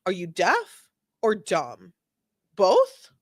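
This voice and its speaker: A woman's voice: mid-range voice, wildly swooping pitch, extremely slow, no echo. A woman giving sarcastic, joking running commentary on a video. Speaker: commentator reacting to body cam video. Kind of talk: casual reaction commentary.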